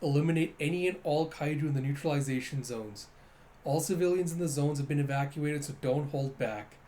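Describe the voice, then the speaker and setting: A boastful young captain gives brisk orders in a smug, commanding tone, voiced by a man reading aloud. The voice sits a touch high, with light background noise. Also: warm tone, natural voice. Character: cocky young male captain, boastful and bossy.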